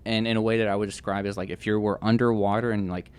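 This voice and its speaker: Earnest, halting man with a low smooth voice. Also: level tone, a little mellow. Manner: halting and earnest, with many restarts and "like" fillers. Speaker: guest sharing his testimony. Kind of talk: personal testimony in a podcast interview.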